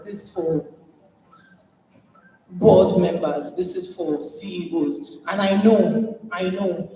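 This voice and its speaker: A Nigerian woman giving an animated motivational keynote at a conference, acting out exchanges and dropping Pidgin asides. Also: medium pitch, slight background noise. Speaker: conference speaker. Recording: echoey hall from far off.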